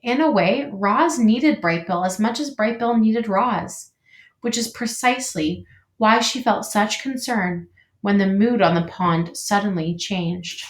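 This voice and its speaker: A teacher reading a children's book aloud in an expressive, measured way. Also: female voice, mid-range voice. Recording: echoey room.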